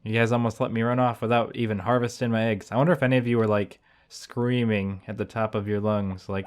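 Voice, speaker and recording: A man talking casually over his gameplay as a YouTuber, thinking out loud with rambling asides. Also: fairly low pitch, flat delivery, a little fast, few pauses, clean tone. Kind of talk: casual let's-play commentary.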